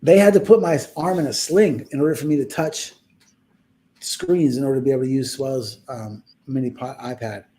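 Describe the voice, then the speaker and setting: Man with a dark voice telling a story. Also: mid-range voice, normal speed. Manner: rambling, heartfelt, acts out quoted voices. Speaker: podcast guest telling his story. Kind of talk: casual storytelling.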